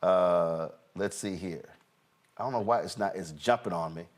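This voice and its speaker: Guy hosting a political talk show, mocking and animated, keeps trying to play clips. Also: low voice, normal speed. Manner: animated, mocking, talks while fumbling with playback. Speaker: host. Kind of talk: casual political commentary.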